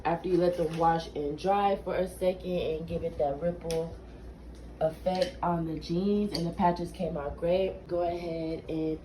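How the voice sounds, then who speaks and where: A woman's voice: fairly low pitch, fairly even intonation, measured pace, distant mic. A young woman vlogging about her homemade fashion, chatty and bubbly, rambling with lots of fillers, her throat a bit scratchy. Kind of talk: casual DIY fashion vlog.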